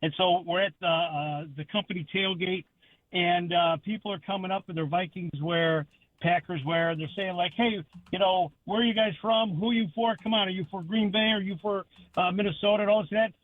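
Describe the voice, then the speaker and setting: A man's voice: high-pitched, fairly even intonation, a little fast, no room sound. A man calling in to a sports radio show, animatedly telling a tailgate story. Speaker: caller. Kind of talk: phoning in to talk radio. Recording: phone line.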